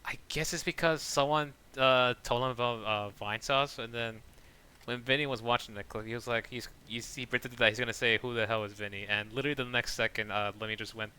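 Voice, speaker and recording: A man chatting casually while playing a game, rambling and saying he talks too fast. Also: medium pitch, steady tone, pushed and bright, clear, resonant tone. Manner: rambling, self-describes talking too fast. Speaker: gaming streamer. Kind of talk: casual gameplay commentary.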